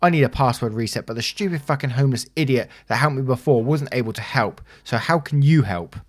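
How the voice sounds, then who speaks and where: A man voicing an irate, entitled male caller who rants abusively and threatens, raising his pitch above his own voice. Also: a little fast, natural voice. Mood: furious. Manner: ranting, abusive, self-important.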